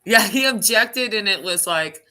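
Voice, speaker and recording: A woman's voice: mid-range voice, lively intonation, a little slow, pushed and bright. A woman in a casual live stream chat, talking chattily and jumping between topics.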